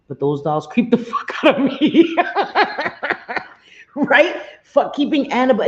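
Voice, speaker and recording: A woman's voice: sits low, warm tone. Chatty woman livestreaming, laughing and swearing. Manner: chatty, laughs often, swears freely, answers viewers directly. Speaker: live streamer. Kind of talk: casual live-stream chat. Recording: roomy, slightly dull sound.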